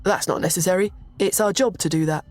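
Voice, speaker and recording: A woman's voice: fairly low pitch, a little fast, a little mellow, faint music behind, natural voice. A woman voicing a modest, dutiful young man who speaks politely.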